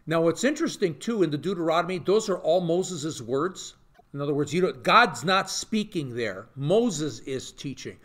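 Animated man teaching a Bible class. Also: a little high, normal speed. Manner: animated, peppers talk with rhetorical questions and "okay?". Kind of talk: informal Bible study lesson.

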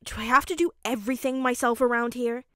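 Woman doing a grumpy bossy little kid, loud and gruff, fanfic audiobook, dry sound. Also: a little high, fairly even intonation, quick pace, no room sound, pitched above the performer's own voice. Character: de-aged little boy, grumpy, bossy and brash.

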